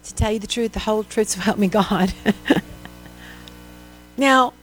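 A woman's voice: mid-range voice, unhurried, slight background noise. A woman preaching a sermon in a conversational style, asking the listeners questions and acting out people's replies. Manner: conversational preaching with rhetorical questions and mimicked voices.

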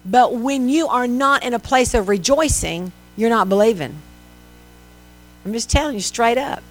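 A high-pitched woman delivers a sermon, talking to the congregation casually with lots of rhetorical questions. A low mains hum runs under her voice. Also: animated, normal speed. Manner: conversational preaching with rhetorical questions and mimicked voices. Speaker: preacher.

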